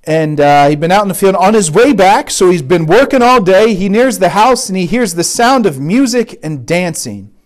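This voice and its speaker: A man's voice: sits high, lively intonation, moderate pace, hardly any pauses. A man giving a conversational sermon at a retreat, often checking in with "right?". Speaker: retreat speaker. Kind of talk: sermon talk.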